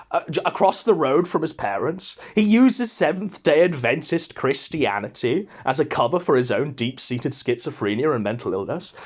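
A man's voice: on the high side, slightly rough. A man hosting a podcast, ranting in a mocking, scornful way. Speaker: podcast host. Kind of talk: casual ranting commentary.

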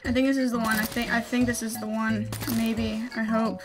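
A young woman streaming a game, reacting with jumpy, excitable commentary and nervous laughter. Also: on the high side, normal speed, over music. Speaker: gaming streamer.

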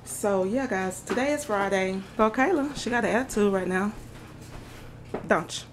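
A woman's voice: medium pitch, moderate pace. A woman hosting a casual family vlog at home, a mother who teases and laughs often. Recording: noisy home recording.

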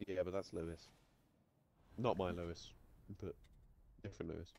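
A man's voice: deep voice, steady tone, normal speed, gravelly, darkish tone, no room sound. A man playing a game with a streamer friend, chatting casually with dry, teasing humour. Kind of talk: casual gaming chat.

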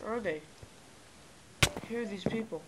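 A male host giving casual game commentary with friends, excitable and yelling when surprised. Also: sits high, unhurried. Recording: noisy home mic with clicks.

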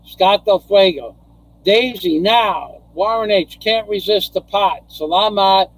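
A man with a notably high voice hosts a casual live stream from home. He chats loosely with viewers, laughs often and breaks into profane rants. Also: slow, husky, low-quality recording. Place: home in the Philippines.

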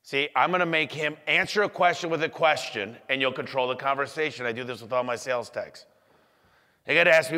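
Lively guy pumping up a crowd about sales, bright voice, long echo in a big hall. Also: on the high side, fairly quick. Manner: energetic, acts out customer dialogue. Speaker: business owner giving a talk. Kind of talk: motivational business talk. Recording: echoey hall.

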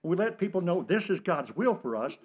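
A man's voice: sits high, sing-song, fairly quick, muffled recording. Fervent older Midwestern preacher man. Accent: American Midwest. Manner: fervent, swings between loud exhortation and hushed asides. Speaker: pastor. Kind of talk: sermon. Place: church sanctuary.

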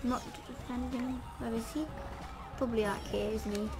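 Excitable woman doing game commentary. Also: fairly high pitch, normal speed. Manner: excitable, trash-talking, lots of "literally" and "like". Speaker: gamer. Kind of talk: casual gameplay commentary. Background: game music.

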